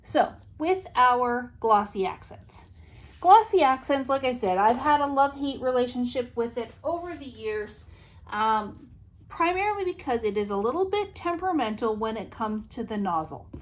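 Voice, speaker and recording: A woman's voice: fairly high pitch, animated, moderate pace. A middle-aged woman hosting a craft tutorial, chatty and reassuring as she gives practical tips step by step.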